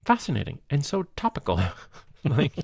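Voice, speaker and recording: A man co-hosting a movie podcast, retelling film scenes in a casual, animated way and laughing often. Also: on the high side, normal speed, gravelly, no room sound. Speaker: podcast co-host. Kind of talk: casual movie review chat.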